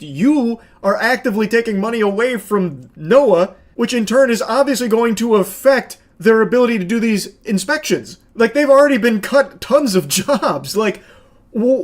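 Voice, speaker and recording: High-voiced guy reacting on stream, sarcastic, exasperated, swears a lot. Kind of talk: casual reaction commentary.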